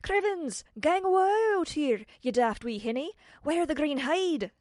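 A woman voicing a tiny, fierce male fairy warrior with a Scottish accent, shouting in a high, drawn-out voice. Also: sing-song, dry recording, studio quality. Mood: shouting alarm.

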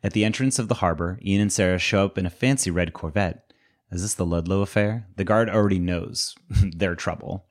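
Brief: male podcast host, very deep voice, rambling casual recap. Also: fairly quick. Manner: rambling, filler-heavy.

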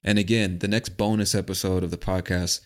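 A man's voice: low-pitched, fairly quick. A man from the United States talking casually and profanely as host of a podcast monologue. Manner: relaxed, profane, conversational.

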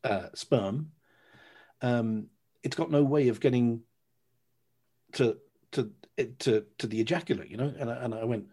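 Husky guy in his 30s, chatty podcast guest, swears a lot telling his story. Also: medium pitch, normal speed. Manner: candid, sweary, animated storytelling. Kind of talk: casual storytelling.

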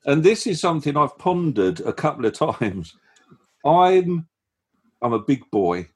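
A man's voice: on the high side, very animated, measured pace, breathy edge. An English man co-hosting a podcast who talks in a jokey way, often stammering and restarting. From England. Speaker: podcast co-host. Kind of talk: casual chat.

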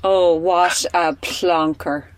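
A woman's voice: fairly low pitch, steady tone, very slow, a crowd in the background. Chatty Irish woman hosting radio. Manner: chatty, prompting questions. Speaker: radio host. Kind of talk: casual radio interview.

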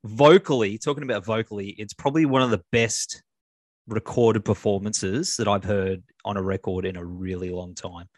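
A man's voice: lowish voice, steady tone, moderate pace, no room sound. A man hosting a casual interview, enthusiastic and full of "you know" and "man.". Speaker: interview host.

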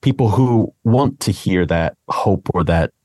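A man with a very deep voice hosts a podcast, feeling his way through a long question full of restarts and fillers. His voice is close and dry, with no room echo. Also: animated, darkish tone. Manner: halting, with many restarts and fillers. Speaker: podcast host. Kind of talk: interview question.

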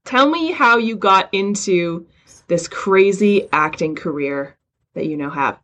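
A woman's voice: medium pitch, animated, measured pace, fairly bright tone. A woman hosting an interview podcast, introducing her guest with effusive praise. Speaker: podcast host.

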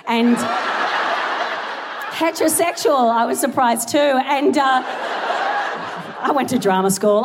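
A young Australian woman with an Australian accent doing live stand-up comedy on a big theatre stage, excitable and giggly, poking fun at herself. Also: a little high. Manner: excitable, giggly and self-deprecating. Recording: live theatre recording with crowd noise. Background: audience laughing and cheering.

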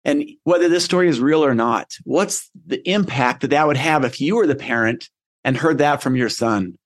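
A man's voice: mid-range voice, moderate pace. A middle-aged man hosting a motivational podcast, telling stories in an earnest, conversational way. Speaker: podcast host.

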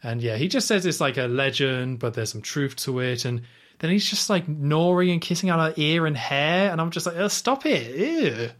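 A man's voice: fairly high pitch, normal speed, a bit bright. A man co-hosting a podcast, casually recapping a film scene with lots of "like" and playful asides. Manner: chatty, recounts scenes with lots of "like" and playful quoted reactions. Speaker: podcast co-host.

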